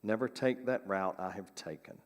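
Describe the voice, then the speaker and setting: A man's voice: fairly low pitch, normal speed, in a large hall, lightly acted. A man reading aloud the earnest farewell words of a condemned man to his children, in a church sanctuary. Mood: pleading.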